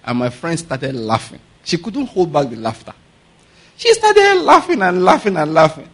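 A man's voice: fairly high pitch, big pitch swings, moderate pace, fairly bright tone. A male pastor preaching a conversational sermon, asking rhetorical questions and laughing between points.

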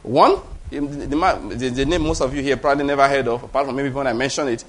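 A man's voice: medium pitch, quick pace, fairly bright tone. A Nigerian man in his fifties preaching a sermon, emphatic, repeating key phrases and checking in with the congregation. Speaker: pastor.

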